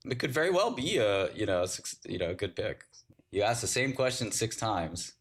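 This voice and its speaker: A man's voice: lowish voice, big pitch swings, normal speed, a bit bright, slight background noise. A man hosting a casual livestream, mocking chat with sarcastic riffs and bursts of laughter. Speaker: livestream host.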